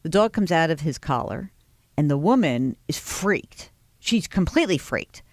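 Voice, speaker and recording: A woman hosting a radio show in a broadcast studio, chatting with a guest and telling stories with animated delivery. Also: low voice, moderate pace, no room sound. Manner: lively storyteller, acts out voices. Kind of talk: casual interview chat.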